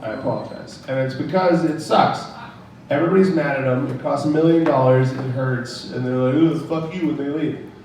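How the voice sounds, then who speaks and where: A man's voice: medium pitch, fairly quick, a little mellow, a little hiss or hum. A man doing a crude, rambling stand-up comedy set on a club stage, chuckling at his own jokes. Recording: very echoey room, from far off.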